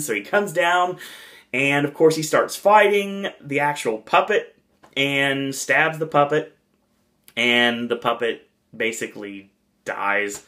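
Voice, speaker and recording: A man's voice: a little high, a little slow, a bit bright. A man hosting a casual podcast review, talking in a rambling, enthusiastic way with lots of fillers. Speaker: podcast host reviewing a theme park event.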